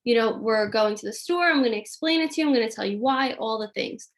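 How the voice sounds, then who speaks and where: A fast-talking woman with a slightly high voice runs a live Q&A on a video call, chatting casually about parenting with plenty of fillers.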